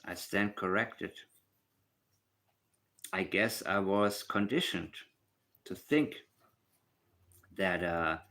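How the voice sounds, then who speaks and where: A man's voice: lowish voice, pushed and bright. A man giving casual true crime commentary alone, emphatic and repeating his points for stress.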